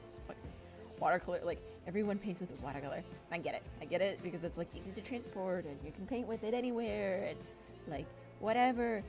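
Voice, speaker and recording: A woman's voice: mid-range voice, quick pace. A woman streamer chatting casually while she draws, ranting with lots of swearing and acting out imagined arguments. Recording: music playing behind. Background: music.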